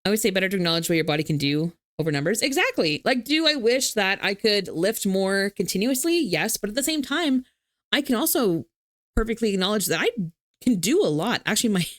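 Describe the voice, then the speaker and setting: A young woman streamer talking casually to her viewers from home. She laughs easily and swears without thinking twice, her pitch leaping around as she goes. The sound is dry and close, with no room echo.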